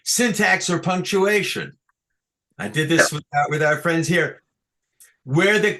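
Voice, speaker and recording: A man teaching Torah chanting on a video call, halting with fillers and restarts, chuckling at his own jokes. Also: on the high side, bright, forceful tone. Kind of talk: online lesson with sung examples.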